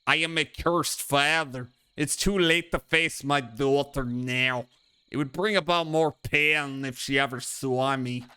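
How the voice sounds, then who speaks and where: A man's voice: medium pitch, measured pace, sharp tone, clear, resonant tone, no room sound. A man reading the lines of a solemn, guilt-ridden middle-aged father and mentor from a video game. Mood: remorseful.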